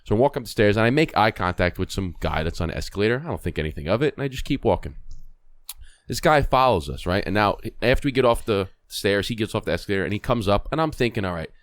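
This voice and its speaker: A podcast host tells a long anecdote in a loose, animated way, swearing and restarting his sentences. His voice is low and the sound is dry and close. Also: quick pace, no echo. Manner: animated, profane, storytelling with rambling restarts. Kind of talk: casual podcast storytelling.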